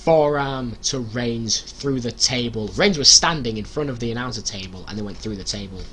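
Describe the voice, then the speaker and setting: Guy ranting about wrestling results, mid voice, gets loud and shouty, bit of background noise. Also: medium pitch, moderate pace. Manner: excited, animated, imitates people with loud shouts. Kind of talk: casual recap vlog.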